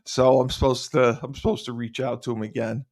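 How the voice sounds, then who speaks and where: A man's voice: medium pitch, fairly quick. A man co-hosting a casual podcast, joking around and laughing often as he tells stories. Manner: jokey, laughs often, animated. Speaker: podcast co-host.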